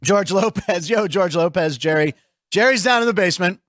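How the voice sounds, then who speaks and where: A middle-aged male host from Pittsburgh with a notably high voice, recorded dry and close. He rambles through a casual comedic chat, tossing out jokes and quick asides. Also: a bit bright, no room sound.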